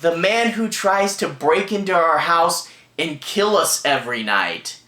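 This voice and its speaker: A man voicing a husband who stays oddly calm and offhand, recorded in an echoey room. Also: fairly high pitch, unhurried. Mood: nonchalant. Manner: offhand, breezy.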